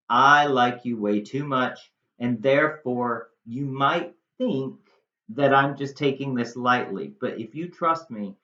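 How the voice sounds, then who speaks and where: A man's voice: mid-range voice, fairly bright tone. A man teaching, explaining a monologue line by line in plain, casual modern words. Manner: plain-spoken, paraphrasing into casual modern talk. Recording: echoey room, dull lo-fi sound.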